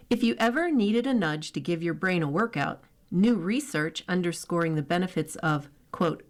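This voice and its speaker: A woman reads newspaper opinion columns aloud for a radio reading service. Her voice sits a little low and she keeps a steady, measured pace from one sentence to the next.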